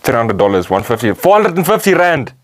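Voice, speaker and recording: Guy hosting a podcast, chill and jokey, mid-pitched voice. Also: sing-song, brisk. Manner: laid-back, swears, laughs often. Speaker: podcast host. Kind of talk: casual chat.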